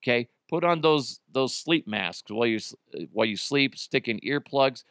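A male podcast host in a loose, crude comedic monologue, swearing and laughing at his own jokes. His voice sits at a middling pitch and sounds dry and close to the mic. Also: animated, moderate pace, fairly bright tone, clear, resonant tone, no room sound. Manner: crude, joking, profane.

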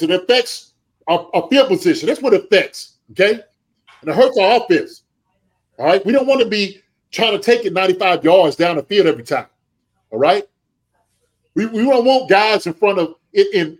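A man's voice: high-pitched, rough recording. A man, a former pro football player and special teams coach, gives passionate podcast commentary from home. He lectures in an impassioned way and keeps asking "okay?".

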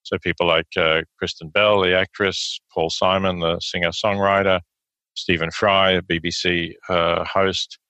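This is an Australian man, very low-pitched and flat in delivery, yet bright and forceful in tone. He talks in a measured, halting way with frequent fillers. The sound is dry and slightly dull, like call audio. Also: dry recording. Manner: measured, hesitant with many fillers. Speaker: guest philosopher. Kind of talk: interview answers.

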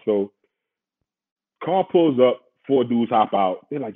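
Husky New man, phone-quality. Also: mid-range voice, unhurried. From Queens, New York. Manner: animated, slangy, acts out quotes. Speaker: guest. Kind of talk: casual storytelling. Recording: phone-like narrow sound.

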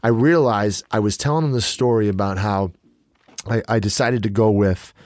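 Podcast co-host: man in his 40s from the Chicago suburbs, low-pitched, rambling and self-mocking, dry close mic. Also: moderate pace, darkish tone, no echo. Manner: rambling, restarts often, laughs at himself. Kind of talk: casual podcast chat.

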